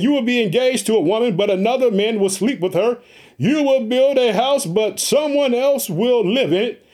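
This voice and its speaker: A man with a high-sitting voice preaches an energetic sermon, excited and pumped up. He often calls out to his listeners and repeats catchphrases.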